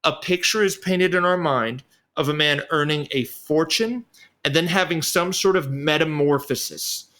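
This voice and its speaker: A man's voice: a little high, normal speed, bright, forceful tone. A man co-hosting a history podcast, reading a prepared script with sarcastic asides. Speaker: podcast co-host. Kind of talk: casual history podcast narration.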